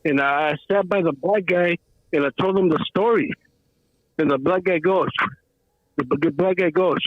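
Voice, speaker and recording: Over a tinny phone call with no echo, a high-voiced caller speaks at normal speed and pauses often. His casual story rambles along in slang, heavy on the word "bro."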